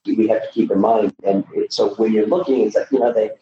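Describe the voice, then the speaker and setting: A man's voice: on the low side, steady tone, brisk. A middle-aged man coaching loan officers in a podcast conversation, emphatic, with frequent restarts. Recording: echoey, dull, distant mic with faint noise.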